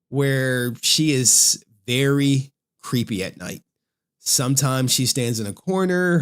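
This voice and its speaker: A man streaming, casually recapping a film in an animated storytelling way and often checking in with "right?". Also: mid-range voice. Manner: acts out quoted lines in shifting voices.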